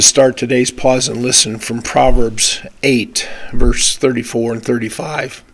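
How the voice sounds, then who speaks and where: Scratchy-voiced pastor with a cold. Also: male voice, medium pitch, level tone, fairly bright tone. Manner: slow, measured, reflective delivery. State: hoarse from a cold. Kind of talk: short devotional talk with prayer.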